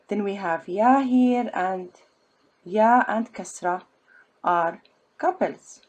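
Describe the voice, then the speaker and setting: Woman, teacher, very slow delivery, husky voice, patient step-by-step. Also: mid-range voice, a little mellow. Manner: patient, spells out letters and syllables one by one. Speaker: Arabic teacher. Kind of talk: slow step-by-step language lesson.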